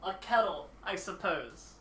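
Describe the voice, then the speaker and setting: Young woman, streamer, bright forceful tone, playful rambling chat. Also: on the low side, expressive, measured pace, a little hiss or hum. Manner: playful, rambling, chatting to viewers. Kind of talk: casual live-stream chat.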